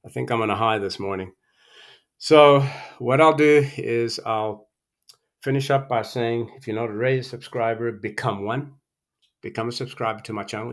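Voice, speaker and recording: A man's voice: medium pitch, normal speed. A man hosting his own channel, ranting about math in a combative, contemptuous way, out of breath and prodding with "okay?". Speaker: channel host. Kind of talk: scornful math rant to camera.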